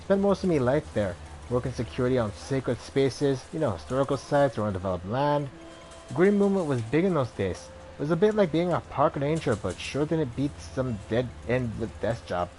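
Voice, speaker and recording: A man's voice: mid-range voice, big pitch swings, normal speed, darkish tone, slight background noise, natural voice, low-quality recording. A man voicing a brawny, brash young Irish woman, an ex-ranger who talks in a chatty, blunt and slangy way.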